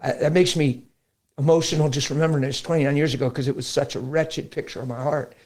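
Animated middle-aged male preacher. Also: a little high, fast talker. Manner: animated storytelling, acts out quotes. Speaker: pastor guest. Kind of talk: conversational preaching.

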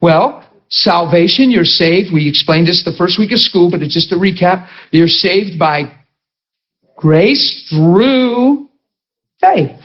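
A middle-aged man preaching a sermon with humorous stories, chatty and animated, often asking his listeners rhetorical questions. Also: high-pitched, takes it slowly. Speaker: pastor. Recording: dull lo-fi recording.

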